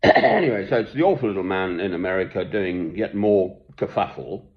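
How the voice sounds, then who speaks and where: A man's voice: low-pitched, animated, moderate pace. An older man giving a rambling, chuckling monologue from home, self-deprecating and meandering. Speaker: online commentator. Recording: dull lo-fi recording.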